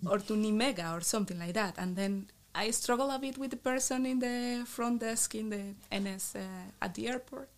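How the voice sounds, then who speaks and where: Woman in her thirties, Colombian Spanish accent, gravelly edge, lively storyteller, casual interview. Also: a little high, moderate pace. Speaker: interview guest.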